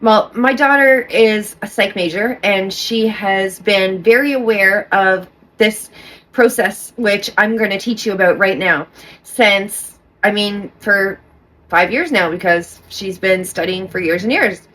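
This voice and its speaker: A woman's voice: medium pitch, a little slow, fairly bright tone. A middle-aged woman talking casually to camera as a vlogger, rambling with restarts and often checking in with "okay?".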